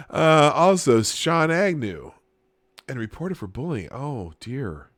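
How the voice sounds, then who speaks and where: A man's voice: mid-range voice, big pitch swings, slow pace, a bit bright, no room sound, clean studio sound. A man from Minnesota, hosting a live stream, reading chat and news with chuckles and sarcastic asides. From Minnesota, USA. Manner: chuckling, sarcastic asides, frequent filler restarts.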